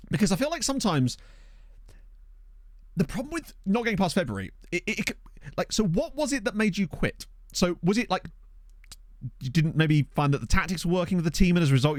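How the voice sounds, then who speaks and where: A man with a fairly high voice chats with his live-stream viewers, answering their messages in a playful, talkative way. The studio-quality sound comes from a desk condenser mic with no room sound.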